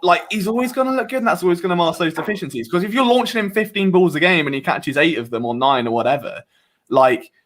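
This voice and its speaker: A British man guesting on a casual podcast, rambling and animated. His voice sits high, and his pitch leaps about as he talks himself through his opinions. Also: fast. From Britain. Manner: animated, rambling, self-questioning.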